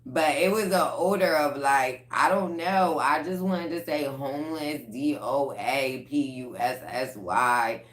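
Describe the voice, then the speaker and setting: Low-pitched woman reading tarot cards for her viewers, blunt and profane and laughing a lot. Her deep voice rings in an echoey room, and she talks in a loose, casual way. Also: a little slow, hardly any pauses. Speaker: tarot reader.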